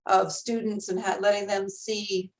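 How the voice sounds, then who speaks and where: A woman's voice: medium pitch, flat delivery, unhurried, low-quality recording. A woman from a film board staff joining a video-call panel, explaining in a friendly, informative way.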